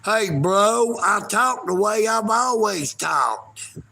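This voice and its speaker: A man's voice: sits high, lively intonation, slow, creaky, pushed and bright. A man, ranting on a livestream in a folksy, taunting way and talking about himself in the third person. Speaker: live streamer. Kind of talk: livestream rant.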